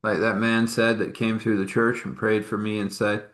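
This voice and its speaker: A man's voice: on the low side, animated, normal speed, few pauses, a bit bright, roomy sound. A man telling an informal faith story in a rambling, chuckling, conversational way.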